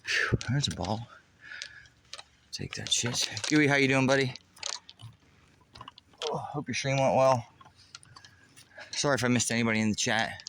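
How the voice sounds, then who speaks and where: A man's voice: mid-range voice, a little slow, pauses often, noisy background. A man from Western Pennsylvania with that region's accent, casually chatting to his chat while walking a golf course outdoors. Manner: chatty, reads chat aloud, swears casually. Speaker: streamer. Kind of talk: casual live-stream golf vlog.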